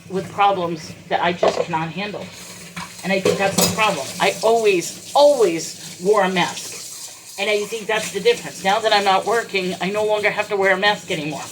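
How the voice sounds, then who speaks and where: This vlogger's voice is medium in pitch, and there's noise behind her. Standing at her kitchen sink washing up, she talks through her struggles on camera, tearful and struggling not to cry.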